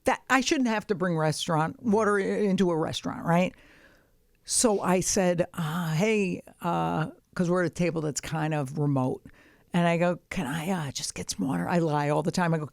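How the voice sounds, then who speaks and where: A woman's voice: on the low side, moderate pace, creaky, no echo, studio quality. A woman co-hosting a podcast, telling comic stories in a blunt, profane way and acting out both sides of each exchange. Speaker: podcast co-host. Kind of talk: casual comedic storytelling chat.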